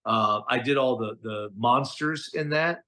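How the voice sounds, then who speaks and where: A middle-aged man, a voice actor who is a guest in a casual interview, telling stories in an animated, slangy way. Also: medium pitch, measured pace. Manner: animated, chatty storyteller, slangy with "dude" and "okay?".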